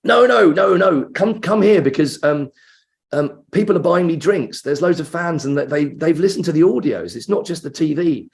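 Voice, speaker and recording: A man acting out an excited male friend who urges him over the phone, high and eager. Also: normal speed, creaky.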